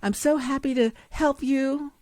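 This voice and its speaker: A woman's voice: high voice, steady tone, a little slow, darkish tone, no echo, studio quality, voice pushed up. A woman putting on a sly sugary mole. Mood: gleeful. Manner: overly sweet, mocking. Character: sly fake-friendly mole, male, scheming.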